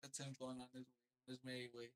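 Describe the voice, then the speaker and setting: A young man reads a children's storybook on a casual livestream. He narrates plainly and drops into laid-back, slangy asides. His voice sits at an ordinary middle pitch. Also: completely flat delivery, brisk, rough recording. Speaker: streamer reading aloud.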